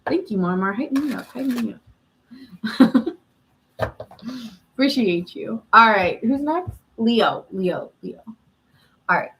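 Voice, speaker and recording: A woman's voice: fairly high pitch, animated, takes it slowly, long pauses, fairly bright tone, a little hiss or hum, poor audio. A woman hosting a live tarot reading stream, chatting casually and answering viewer comments with frequent laughs.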